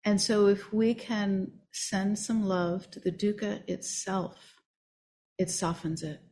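A woman's voice: mid-range voice, fairly even intonation, slow pace, mellow, a little hiss or hum. Affirming woman meditation teacher. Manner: enthusiastic, affirming. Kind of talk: leading a group discussion.

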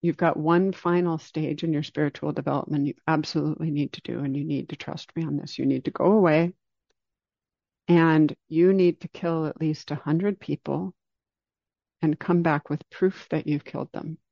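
A man's voice: on the high side, fairly even intonation, moderate pace, creaky, darkish tone, dry recording. A man voicing a scheming male spiritual teacher who insistently pushes his student, on a dull lo-fi recording. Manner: insistent, persuasive.

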